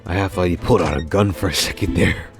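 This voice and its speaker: Deep-voiced man reading a game aloud. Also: fast talker, vocal fry. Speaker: let's play narrator. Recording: game music behind voice.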